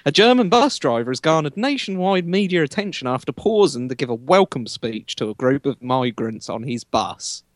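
A man's voice: on the high side, sing-song, moderate pace, few pauses, no echo. Man reading news, joking. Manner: reads aloud with stumbles, mock exasperation. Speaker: podcast co-host reading a news story. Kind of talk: casual comedic podcast banter.

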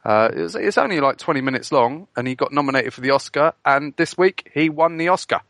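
A man on a podcast panel telling news in a halting, self-deprecating way, from the United Kingdom. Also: a little high, fairly bright tone, no room sound, studio quality. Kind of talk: casual podcast chat.

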